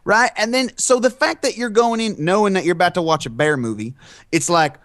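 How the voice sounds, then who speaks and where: A man's voice: sits high, brisk, no room sound. A man co-hosting a casual podcast chat, ranting with lots of swearing. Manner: profane, ranting, animated. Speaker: podcast co-host.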